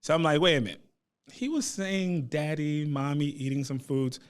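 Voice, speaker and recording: A man in his thirties telling a personal story at a community town hall, animated and acting out what people said. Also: fairly high pitch, normal speed, clean tone. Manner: animated, acts out quotes.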